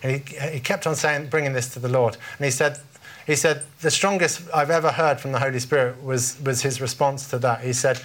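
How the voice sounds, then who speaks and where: A man's voice: mid-range voice, fairly even intonation, a little fast, fairly bright tone. British man preaching, chatty storytelling. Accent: British English. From Britain. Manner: conversational, storytelling with frequent restarts. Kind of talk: informal sermon.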